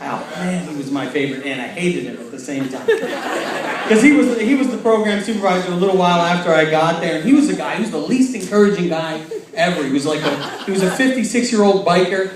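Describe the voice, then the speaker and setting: High-voiced man doing stand-up in an echoey hall. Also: animated, fast talker. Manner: self-mocking, rambling with many fillers. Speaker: stand-up comedian. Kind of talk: stand-up comedy storytelling. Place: large hall with audience. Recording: echoey hall, mic from far off, loud crowd. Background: audience laughing.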